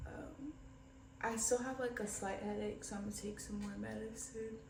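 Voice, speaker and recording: A woman's voice: steady tone, normal speed, vocal fry. Young woman vlogging from across a room. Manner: candid, rambling, low-spirited. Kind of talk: casual diary vlog. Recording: roomy echo, distant from mic, faint ambient noise.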